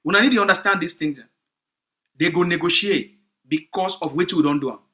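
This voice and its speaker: A man's voice: sits high, a little fast, sharp tone. A man with a Cameroonian Pidgin English accent, giving an emphatic, repetitive political address to supporters as a movement spokesman.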